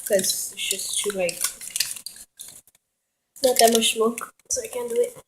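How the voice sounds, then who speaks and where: A woman's voice: on the high side, unhurried, background noise. A woman vlogging casually at home in her kitchen, rambling, swearing and giggling as she talks.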